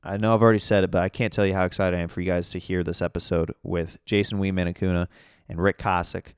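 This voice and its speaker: A man's voice: sits low, flat delivery, quick pace, clean tone, dry recording, studio quality. A man hosting his podcast in a casual, rambling, upbeat way, laughing often. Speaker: podcast host. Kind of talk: casual solo podcast chat.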